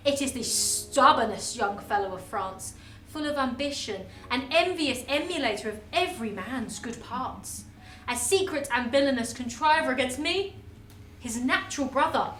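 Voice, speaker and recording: Woman doing a snooty scheming older brother, high bright voice, echoey room. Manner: haughty, commanding. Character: scornful noble elder brother. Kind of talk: amateur stage acting.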